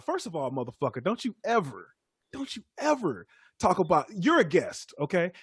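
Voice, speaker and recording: Lively husky man, dry close mic. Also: sits high, normal speed. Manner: lively, profane, laughing often. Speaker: podcast co-host. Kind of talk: heated casual chat.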